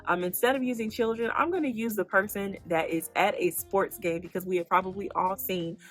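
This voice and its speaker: Animated woman giving faith-based advice. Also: mid-range voice, a little fast, faint music behind. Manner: animated, teaching, asks the listener questions then answers them. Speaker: podcast host. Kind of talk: faith-based self-help talk.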